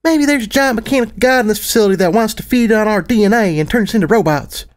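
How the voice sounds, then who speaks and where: An excitable young filly gushes gleefully, as a male reader puts her on. The pitch sits far above his normal voice, squeaky and eager. This is a fan audiobook. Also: quick pace, lightly acted.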